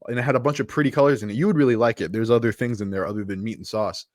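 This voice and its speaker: A man's voice: mid-range voice, steady tone, rapid-fire, a little mellow, no room sound, studio quality. A man co-hosting a live podcast as a coach, telling stories in a chatty way and laughing at himself. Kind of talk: casual live podcast chat.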